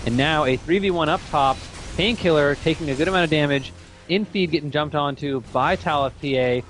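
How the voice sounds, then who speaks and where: A man giving steady play-by-play commentary on a competitive video game match. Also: on the high side. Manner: rapid, steady play-by-play calling. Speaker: esports commentator.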